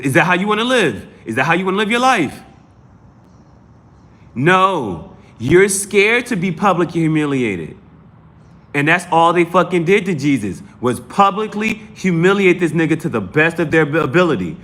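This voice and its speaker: A man with a fairly high, fairly bright voice hosts a live tarot stream, chatting casually. He rambles emphatically, swears, and keeps repeating and restarting his phrases.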